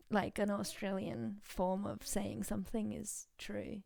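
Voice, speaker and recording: A woman's voice: medium pitch, little pitch movement, takes it slowly, gravelly, hardly any pauses. A young woman from Hungary, co-hosting a casual podcast chat and quizzing her friend with trivia. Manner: giggly, quizzing with trivia questions. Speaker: podcast co-host.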